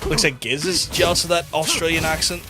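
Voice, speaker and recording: A young Irish gaming streamer chats casually over game music, his fairly high voice moving fairly quickly. He's blunt and sweary, with plenty of restarts and fillers.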